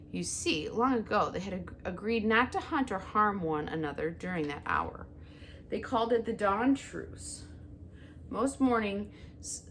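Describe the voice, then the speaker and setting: A woman reading a children's novel aloud as narrator, with an expressive, animated delivery. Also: medium pitch, slight background noise. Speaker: audiobook reader. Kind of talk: storybook read-aloud narration.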